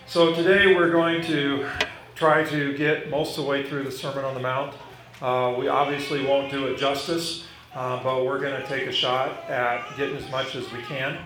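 A man's voice: mid-range voice, little pitch movement, normal speed. A man preaching a sermon as pastor, stressing key words and repeating his main lines. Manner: emphatic, repeating key phrases. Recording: echoey room with some noise.

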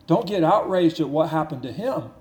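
A man's voice: a little high, lively intonation, darkish tone. Earnest male preacher in echoey room. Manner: earnest, repetitive preaching with slowed emphasis and rising intensity. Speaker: pastor. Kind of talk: sermon.

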